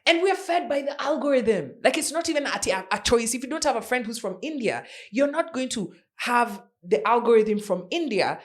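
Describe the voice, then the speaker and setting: Woman, around forty, podcast host, casual news chat, lively swooping pitch, rhetorical questions. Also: moderate pace, few pauses. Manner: chatty, animated, full of rhetorical questions. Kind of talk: casual pop-culture news commentary.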